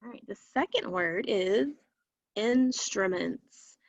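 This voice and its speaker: On a dull, lo-fi, echo-free recording, a woman with a slightly high, fairly bright voice and vocal fry teaches phonics online. She sounds animated yet slow and patient, drawing out each word for young children.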